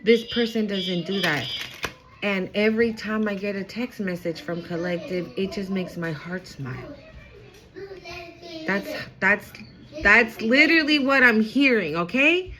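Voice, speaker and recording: Woman, casual spiritual reading, emphatic, chatty, excitable, swears casually, mid pitch. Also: poor audio. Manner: excitable, quick swings in loudness. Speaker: intuitive card reader.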